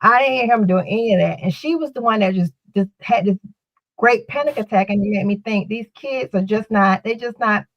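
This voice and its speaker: A woman's voice: mid-range voice, brisk, lo-fi sound. A woman co-hosting a talk show, telling a story in a loose, rambling way that keeps repeating words and restarting. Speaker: podcast co-host. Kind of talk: casual storytelling chat.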